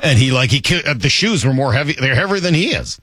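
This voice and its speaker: A man's voice: mid-range voice, big pitch swings, quick pace, a bit bright, no room sound. A man co-hosting sports talk radio, joking and laughing easily.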